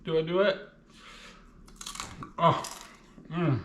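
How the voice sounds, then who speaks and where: Slow-talking man reviewing spicy snacks. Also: on the high side, fairly bright tone, reverberant, muffled recording, a little hiss or hum. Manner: slow, chatty, talking with his mouth full. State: mouth burning from spicy chips. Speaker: food reviewer. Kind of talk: casual food review vlog.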